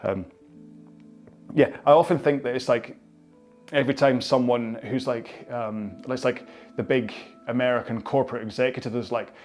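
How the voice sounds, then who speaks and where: A man's voice: mid-range voice, steady tone, moderate pace, darkish tone, faint music behind. A man with a Scottish accent leading a follow-along stretching cooldown, chatting in a rambling, jokey way. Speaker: fitness instructor.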